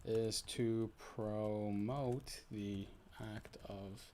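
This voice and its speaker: A man chatting casually on his own stream, rambling and thinking out loud, often restarting his sentences. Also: extremely slow. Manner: rambling, self-correcting, thinking aloud with many restarts; swings between low mumbles and bursts of high animated emphasis. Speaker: VTuber streamer. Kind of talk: casual solo stream chat.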